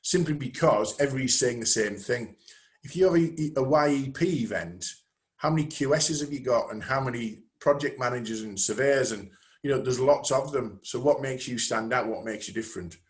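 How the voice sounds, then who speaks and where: A man's voice: medium pitch, brisk. Male webinar presenter, chatty, self-deprecating, talks over a video call. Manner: lively, conversational, self-deprecating. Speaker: webinar presenter, networking coach.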